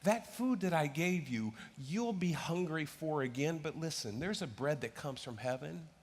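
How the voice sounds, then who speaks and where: A man preaching to a congregation with a voice sitting a touch higher than most men's. He keeps it loose and joking, and jumps his pitch up to play out the crowd's lines. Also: moderate pace. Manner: animated, acts out crowds and disciples in raised voices. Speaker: pastor. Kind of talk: sermon.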